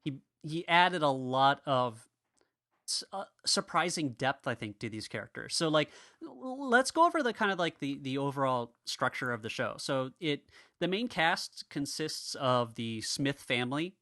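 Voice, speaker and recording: Bright-voiced man chatting on a podcast. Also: mid-range voice, a little slow, no echo, clean studio sound. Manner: rambling, restarts often, laughs while talking. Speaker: podcast co-host. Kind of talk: casual podcast discussion.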